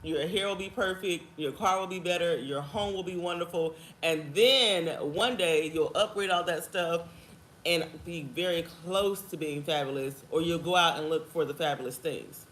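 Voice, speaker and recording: A woman in her thirties chatting casually to her viewers in an animated way, laughing often and calling them girl and honey. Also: fairly low pitch, moderate pace. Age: 30s. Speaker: vlogger. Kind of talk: casual chat to camera. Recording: echoey room with faint ambience.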